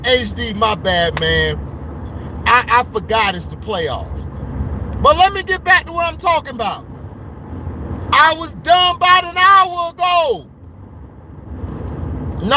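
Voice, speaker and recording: A man's voice: very high voice, bright, forceful tone, a little hiss or hum, poor audio. A man from Florida venting in a heated, slangy rant to his live viewers from his car. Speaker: vlogger. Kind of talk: casual ranting vlog.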